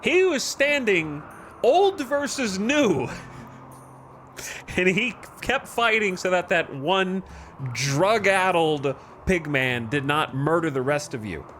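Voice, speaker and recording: A man's voice: sits high, expressive, slow pace, a bit bright, slight background noise, voice pushed up, exaggerated voice. A man voicing an impassioned, grandiose gang-boss-style figure with a put-on Birmingham accent, delivering a scolding eulogy.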